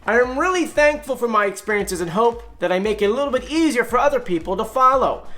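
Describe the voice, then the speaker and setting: A man hosting his own video, talking through clues in a casual, excited way and shouting out when something thrills him. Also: high-pitched. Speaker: video host.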